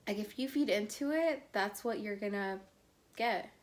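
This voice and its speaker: A woman's voice: medium pitch, normal speed. A young adult woman, a love coach, talking casually and bluntly to her viewers, swearing freely. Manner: blunt, swears freely, calls listeners bro. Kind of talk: casual vlog-style talk to viewers.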